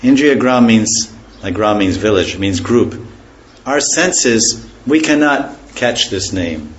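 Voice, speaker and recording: A man giving a scripture class, speaking in an unhurried, reflective way, pausing to explain terms and letting phrases trail off softly. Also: lowish voice, expressive, poor audio. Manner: pauses to explain words and terms. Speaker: spiritual teacher.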